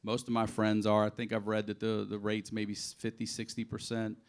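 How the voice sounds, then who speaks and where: Profane stand-up comic telling stories. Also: male voice, fairly low pitch, normal speed. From Baltimore, USA. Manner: profane, animated storytelling with acted-out quotes. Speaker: stand-up comedian. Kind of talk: improvised stand-up on audience requests. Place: comedy club stage.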